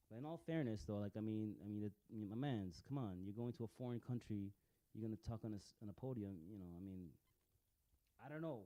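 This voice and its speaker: A man rambles through casual commentary on video clips. He swears freely and stumbles over repeated words. His voice is deep-toned and very mellow, and the recording is close and dry. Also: fast talker, no room sound. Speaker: vlogger.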